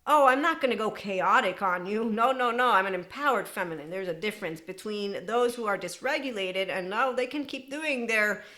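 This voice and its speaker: Bright-voiced woman podcast host. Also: mid-range voice, normal speed, hardly any pauses. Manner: animated, laughs often, switches into quoted voices. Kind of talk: unscripted monologue.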